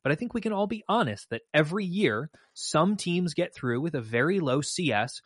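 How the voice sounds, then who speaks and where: A man's voice: fairly high pitch, very animated, normal speed, a bit bright, slightly rough, no echo. A man co-hosting a podcast, talking through results in an analytical, emphatic and slightly wry way. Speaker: podcast co-host and mock trial coach. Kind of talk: casual podcast chat.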